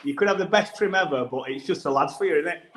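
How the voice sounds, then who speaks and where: A man's voice: on the high side, fast talker, fairly bright tone. Man telling a rambling yarn. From England. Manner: rambling anecdotal storytelling with restarts. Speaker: rugby player guest. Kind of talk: casual podcast chat. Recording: echoey room.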